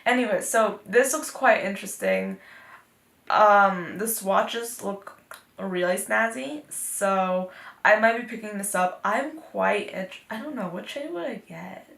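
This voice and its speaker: A chatty eighteen-year-old woman from North Texas gives her casual take on new beauty releases. Her voice carries a gravelly fry at the ends of phrases. The room around her is echoey. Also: mid-range voice, measured pace, fairly bright tone. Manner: chatty and upbeat, with frequent fillers. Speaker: beauty vlogger. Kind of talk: casual anti-haul chat.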